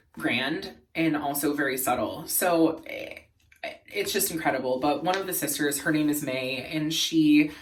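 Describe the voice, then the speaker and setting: Earnest man chatting, slightly distant mic. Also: fairly high pitch. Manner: earnest and emotional, laughs softly. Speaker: beauty and lifestyle vlogger. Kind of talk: casual chat.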